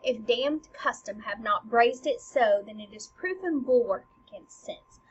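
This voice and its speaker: A woman's voice: fairly high pitch, lo-fi sound, a little hiss or hum, close to an everyday voice. A woman playing an intense, accusing young prince. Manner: loud, slow, declaiming.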